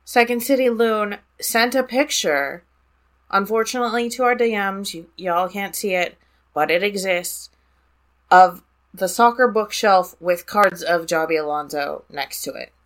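A woman's voice: mid-range voice, a little slow. A woman hosting a casual podcast over a video call, teasingly reading out listener messages. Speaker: podcast host. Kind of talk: casual chat.

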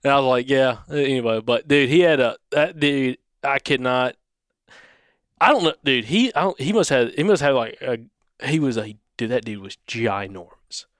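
With a fairly bright, mid-range voice at a moderate pace, this man co-hosts a podcast and spins a hunting tale. He rambles, restarts, and performs the dialogue he quotes, all in a casual manner. There's no echo, and the studio sound is clean.

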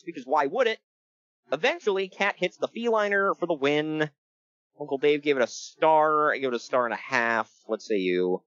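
A man's voice: a little high, a bit bright, no room sound, muffled recording. A man co-hosting a podcast, recapping wrestling in a jokey casual chat, laughing often.

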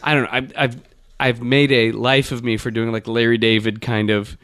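A middle-aged man hosting a casual podcast, rambling through stories and squeaking out quoted lines. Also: level tone, moderate pace, fairly bright tone, no room sound. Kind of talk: casual banter.

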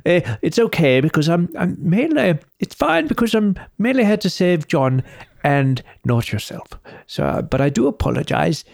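A man's voice: on the high side, sing-song, moderate pace, gravelly, darkish tone, no echo, clean studio sound, voice pushed up. A man voicing an overly polite, well-spoken British action hero who keeps apologizing and hesitating. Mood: apologetic.

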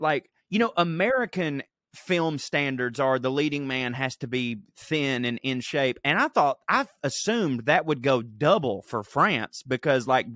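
A man's voice: on the high side, a bit bright, no room sound, studio quality. A man co-hosting a comedy podcast, riffing in a wry, profane way. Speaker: podcast co-host. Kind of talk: casual comedic chat.

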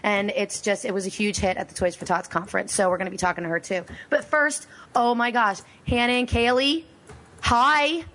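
Hoarse, bubbly woman radio host. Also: medium pitch, fairly quick, few pauses, a bit bright. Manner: bubbly, giggly, rambling. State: hoarse, losing her voice. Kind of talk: casual radio show chat.

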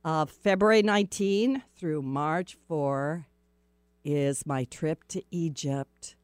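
A woman's voice: sits low, slow, no echo, clean studio sound. A woman hosting a listener-supported radio talk show, giving chatty, upbeat announcements in a spiritual tone and speaking directly to her audience.

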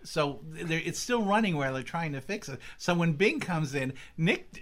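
A man in casual chat, telling an anecdote in an animated way. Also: fairly high pitch, moderate pace, crowd noise. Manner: animated storyteller.

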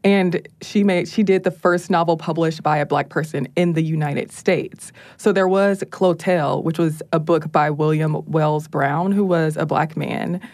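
A woman guest on a podcast, calmly presenting a historical figure in a casual, even way in a studio. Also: low-pitched, a little slow, hardly any pauses, dry recording. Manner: calm, even delivery. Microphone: studio mic.

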